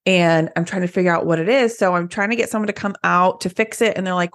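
Chatty young woman co-hosting. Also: fairly low pitch. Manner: chatty, laughs along, quick reactions. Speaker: podcast co-host, salon owner. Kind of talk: casual chat.

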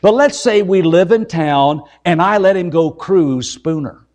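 A man's voice: high voice, expressive, unhurried, darkish tone. A middle-aged man, an evangelist, preaching a folksy, humorous sermon and keeps checking in with the crowd.

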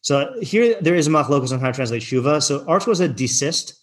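Man, teacher, online class, casual and rambling, reads slowly then talks on. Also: fairly high pitch, lively intonation. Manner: loose and chatty, many fillers and restarts, reads passages slowly. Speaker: teacher leading a text study class.

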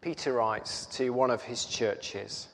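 A man delivers a sermon at an unhurried pace, slow and reflective, with frequent pauses and fillers. His mid-pitched voice rings out through a large hall with a long reverb tail. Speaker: preacher.

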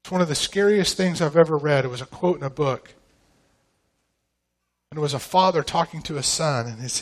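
High-voiced emphatic male preacher. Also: brisk, pauses often. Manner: emphatic, with rhetorical questions to the congregation. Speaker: pastor. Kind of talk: sermon.

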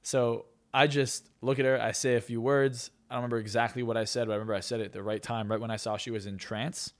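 A man's voice: medium pitch, flat delivery, quick pace. A man who is a hypnotist and success coach, telling stories in a podcast interview with a boastful, self-assured manner.

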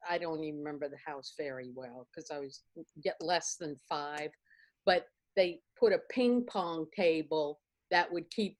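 A woman's voice: on the low side, dry recording. A middle-aged woman co-hosting a podcast, telling family stories in a rambling, giggly way. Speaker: podcast co-host. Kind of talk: casual storytelling.

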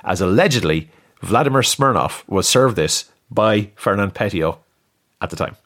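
Low-voiced man hosting a quiz. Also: animated, normal speed, fairly bright tone. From has lived in the US. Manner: reads clues, laughs at own stumbles. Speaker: podcast co-host, quizmaster. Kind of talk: casual quiz chat.

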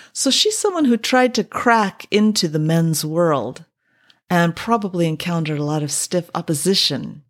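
Wry low-voiced woman podcast host. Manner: chatty, wry, drawn-out "oh"s. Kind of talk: casual commentary on old radio drama.

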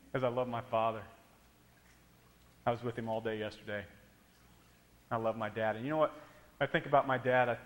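A man's voice: medium pitch, long reverb tail. A man preaching a sermon in a church, emphatic and speaking straight to the congregation. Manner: emphatic, addresses the congregation directly. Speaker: pastor. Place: church hall.

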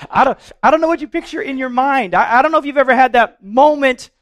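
A pastor with a notably high voice preaches to his congregation. He talks earnestly but loosely, trips over and repeats words as he goes, and slips in playful humor. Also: animated, moderate pace, fairly bright tone. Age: adult, married. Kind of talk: sermon.

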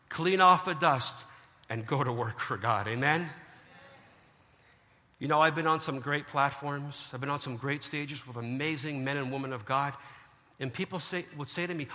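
A man preaching a lively sermon, joking and acting out the people of the story. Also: on the high side, big-room sound. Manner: animated, joking, acts out biblical figures. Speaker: pastor.

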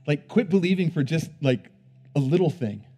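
A man preaches a sermon at a moderate pace with lively intonation, swinging from hushed, low emphasis to loud, emphatic bursts. He repeats words as he builds each point.

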